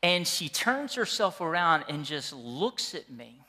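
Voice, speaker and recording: Man, pastor, sermon, middle-aged, bright crisp voice, animated storyteller. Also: fairly high pitch, a little slow, slight background noise. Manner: animated, jokey storytelling with the congregation.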